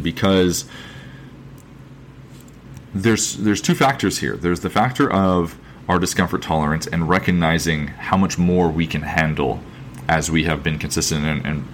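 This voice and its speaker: A man hosting a podcast who talks alone in an earnest, thoughtful way. He often repeats phrases, restarts his sentences and slows down to stress a point. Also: sits low, slight background noise. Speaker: podcast host, fitness coach. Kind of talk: reflective solo podcast monologue.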